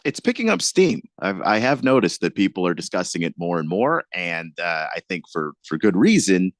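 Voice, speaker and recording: A man co-hosts a casual sports radio talk show, chuckling often and tripping over his restarts. His voice is low but moves up and down with energy. The studio sound is dry and close. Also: sing-song, normal speed, no room sound. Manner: laughs often, stammers on restarts.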